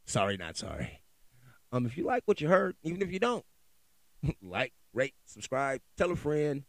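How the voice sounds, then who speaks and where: A man's voice: mid-range voice, sing-song, moderate pace, no room sound. A middle-aged man, hosting his own podcast and ranting with heated, profane exasperation. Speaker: podcast host. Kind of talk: solo podcast rant.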